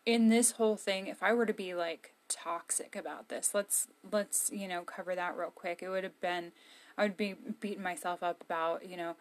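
A woman's voice: mid-range voice, fairly even intonation, moderate pace. A woman giving casual, emphatic encouragement to camera from her own room. She is candid and blunt. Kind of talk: casual motivational talk to camera.

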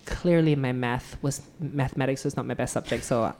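A man's voice: mid-range voice, brisk, slight background noise. A young Malaysian man from Sarawak, a singer-songwriter, chatting as a guest and telling stories animatedly. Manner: animated storyteller, acts out quotes. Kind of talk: casual chat.

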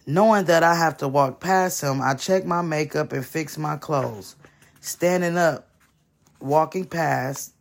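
A man reading a first-person short story aloud, measured and with dramatic pauses. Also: fairly high pitch, vocal fry. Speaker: story reader.

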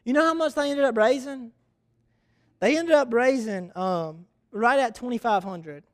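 Male youth pastor, high-pitched, animated storytelling sermon delivery. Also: measured pace. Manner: animated storytelling preacher, repeats key phrases.

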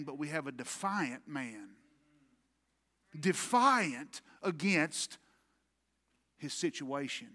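A male pastor preaching a sermon emphatically, swinging between loud, forceful lines and hushed ones. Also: fairly high pitch, clear, resonant tone. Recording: long hall reverb.

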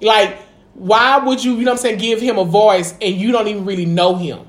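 A woman's voice: mid-range voice, fairly even intonation, brisk. A woman chatting casually as a podcast co-host, peppering everything with "you know what I'm saying" and swearing freely. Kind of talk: casual chat. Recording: echoey room.

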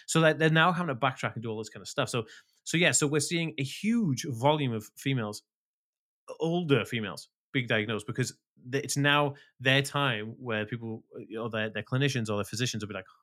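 A man talking as a podcast guest, animated and emphatic, swearing freely. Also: mid-range voice, brisk. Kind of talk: casual interview talk.

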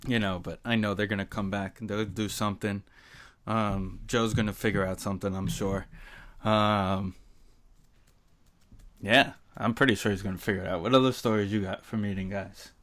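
Male co-host, lowish voice, laid-back and hesitant. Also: normal speed. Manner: relaxed, hesitant with frequent "um"s. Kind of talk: casual chat.

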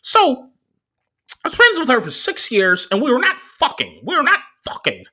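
An awkward male rideshare driver who overshares, as a man puts him on, speaking in a strained, high, nasal voice. He rambles on in bright, sharp tones with a pitch that keeps jumping around. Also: huge pitch swings, moderate pace, exaggerated voice. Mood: complaining.

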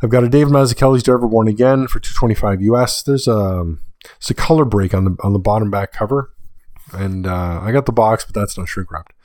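Male podcast host, casual list-reading delivery with quick asides, close and dry sound. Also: fairly low pitch, a little mellow, dry recording. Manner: casual, reads through price lists with offhand asides. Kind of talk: solo podcast monologue.

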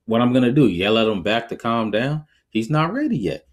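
A man in the middle pitch range talks through his opinions as a podcast host. His delivery is casual and animated. He laughs easily and drifts into acting out little quotes. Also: brisk. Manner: conversational, reflective.

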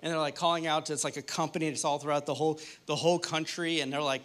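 A man in his late thirties gives a sermon in a relaxed, conversational way, slipping into funny stories and playful asides. His voice sits a little higher than most men's. He speaks to the congregation as if chatting with friends. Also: fast. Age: 30s. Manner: conversational, joking storyteller. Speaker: pastor.

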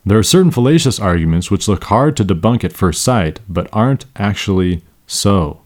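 Male vocabulary tutor, somewhat low voice, sleep deprived, animated and chatty. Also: normal speed. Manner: animated, jumps into exaggerated voices for examples. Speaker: vocabulary teacher. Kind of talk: casual spoken lesson.

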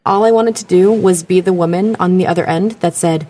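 Casting note: playful, animated woman, slightly low voice, chatting as a podcast guest. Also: fairly quick, hardly any pauses. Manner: animated, playful, laughs often, slips into imitated voices. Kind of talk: casual podcast chat.

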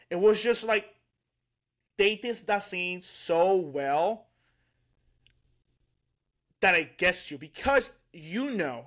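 Excitable man rambling about a show. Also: fairly high pitch. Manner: excited, rambling, with restarts and laughs. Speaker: podcast co-host. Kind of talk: casual chat.

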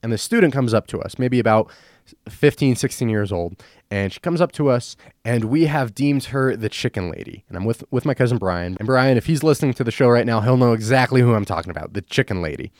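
A man hosting a podcast, ranting casually and telling animated stories. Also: medium pitch, fairly quick, dry recording, clean studio sound. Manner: animated, storytelling. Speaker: podcast host. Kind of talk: casual opinion rant.

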